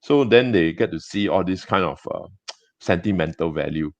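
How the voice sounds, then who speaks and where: Low-voiced Singaporean man telling stories. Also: expressive, no echo. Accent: Singaporean English. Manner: chatty, halting with many restarts and fillers. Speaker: gem and jewelry business owner. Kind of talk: casual interview storytelling. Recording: dull dry lo-fi sound.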